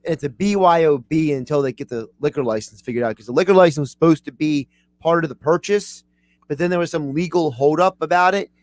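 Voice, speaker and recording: A man's voice: fairly high pitch, brisk, dry recording. A man in a casual radio chat, explaining details in a plain, matter-of-fact way.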